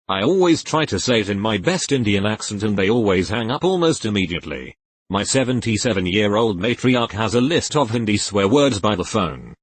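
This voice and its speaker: A man with a low, husky voice reads internet posts aloud, his pitch rising and falling freely as he works through each one. The sound is close and dry, with no room around it. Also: expressive, fairly quick, dry recording. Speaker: narrator reading Reddit posts.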